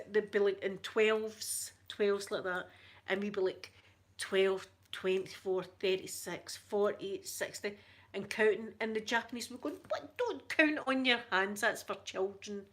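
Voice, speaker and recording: A middle-aged woman with a thick Scottish accent chats softly with her live viewers. She rambles through stories, laughing often as she goes. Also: mid-range voice. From Scotland. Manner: chatty, laughs often, soft-spoken. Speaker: livestream host. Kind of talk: casual chat with live viewers.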